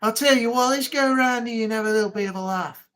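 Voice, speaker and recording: A man's voice: very high voice, fast, a bit bright. A man doing a breezy, jokey Australian bloke impression. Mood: cheery. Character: cheery laid-back Australian bloke.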